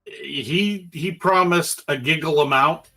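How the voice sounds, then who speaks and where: A man playing a tabletop game in character, talking casually and deadpan, asking short questions. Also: fairly high pitch, slow pace. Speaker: player.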